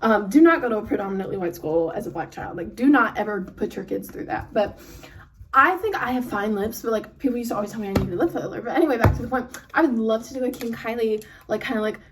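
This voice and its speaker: A young woman chatting as she does her makeup for a vlog, talking fast and rambling with lots of fillers, recorded on a phone. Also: fairly high pitch, lively intonation, over music. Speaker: beauty vlogger. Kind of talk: get-ready-with-me chat. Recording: phone mic from a distance, some noise.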